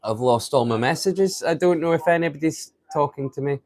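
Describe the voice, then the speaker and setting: A man's voice: on the high side, a little fast, darkish tone, no room sound. Chatty man live-streaming, dry close sound. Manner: rambling, chatty, thinking aloud. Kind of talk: casual live-stream chat.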